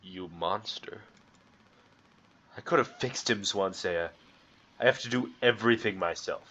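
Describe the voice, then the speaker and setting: A tense young crewman speaks in a low, clipped, accusing voice, as a man puts him on. The recording is dull and lo-fi. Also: a little slow, pushed and bright, a little hiss or hum. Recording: dull lo-fi sound.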